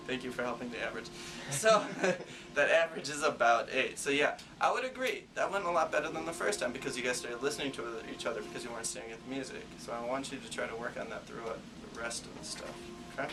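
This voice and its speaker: A man's voice: mid-range voice, fast talker. A young man teaching a school band class, explaining step by step in an encouraging way. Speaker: music teacher. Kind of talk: classroom instruction. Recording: distant mic with room noise.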